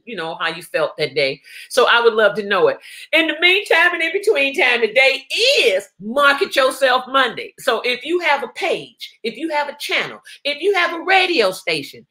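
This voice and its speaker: A woman's voice: a little high, sing-song, normal speed, bright, forceful tone. A woman hosting a live online talk show, chatting casually, reading viewer comments and laughing often.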